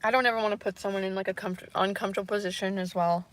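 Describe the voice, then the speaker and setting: A woman streamer talking in a casual, hesitant, rambling way with many fillers, soft and unsure. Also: mid-range voice, fairly even intonation, racing. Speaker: livestreamer. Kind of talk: casual livestream chat.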